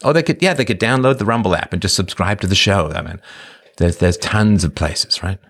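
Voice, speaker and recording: A man's voice: low voice, brisk, fairly bright tone, slightly rough. A man hosting a livestream, reading chat and talking casually in a wry, self-mocking way. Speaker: show host reading chat.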